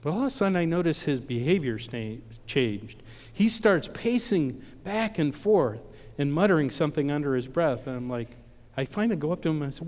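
A man's voice: on the high side, sing-song, moderate pace, darkish tone. A preacher from Ohio telling a personal story in a sermon, acting out the voices of the people in it and often repeating his words. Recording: long reverb of a large hall.

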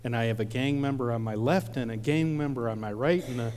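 A man's voice: medium pitch, fairly quick, darkish tone. A preacher from Ohio telling a personal story in a sermon, acting out the voices of the people in it and often repeating his words. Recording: long reverb of a large hall.

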